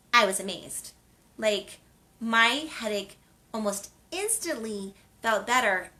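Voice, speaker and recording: A woman's voice: on the high side, pushed and bright. A woman from the western United States hosting a wellness video series, chatting casually and rambling with lots of fillers. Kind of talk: casual chat.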